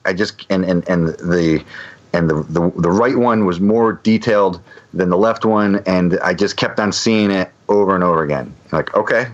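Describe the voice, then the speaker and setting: A deep-voiced podcast guest spins a lengthy, casual story at a moderate pace over lo-fi sound, wandering with frequent restarts and fillers.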